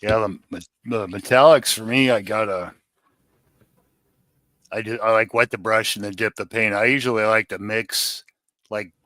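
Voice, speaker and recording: A man's voice: fairly low pitch, fairly even intonation, normal speed, long pauses, sharp tone, no room sound. A man in a casual chat, easygoing, explaining his painting method step by step.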